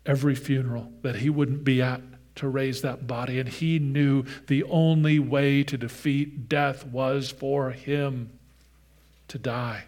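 A man preaching to his congregation in a mid-pitched voice. His delivery is earnest, and he swings between forceful emphasis and soft, almost whispered lines. He pauses to speak directly to the children. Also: fairly even intonation. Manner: earnest, shifts between loud emphasis and hushed softness. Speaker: pastor. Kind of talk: sermon.

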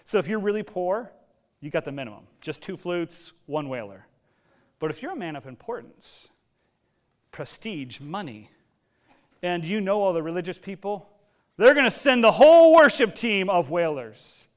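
A man preaching a sermon as pastor, telling the story in a lively, conversational way with casual asides. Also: high-pitched, normal speed.

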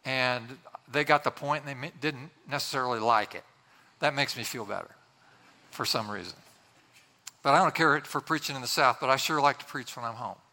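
A man's voice: medium pitch, normal speed, sharp tone, long reverb tail. A man preaching a sermon as pastor, earnest and conversational, often restarting his sentences.

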